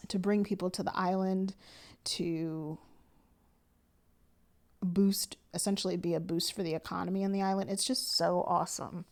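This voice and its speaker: A young woman chatting to camera for her planner vlog, excited and slangy but sleepy, yawning now and then. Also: on the low side. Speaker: planner vlogger. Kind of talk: casual chat to camera.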